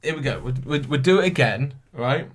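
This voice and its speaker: A man's voice: a little high, lively intonation, brisk. A young man hosting a casual solo podcast, reading quiz questions aloud, stumbling over names and mocking himself. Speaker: podcast host.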